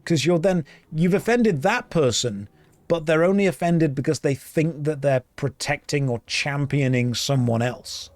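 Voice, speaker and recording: A man's voice: fairly high pitch, measured pace, no room sound. An English man streaming an online game, chatting casually in a rambling, joking way while he plays. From England. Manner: rambling, joking, thinking aloud. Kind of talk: casual gameplay chat.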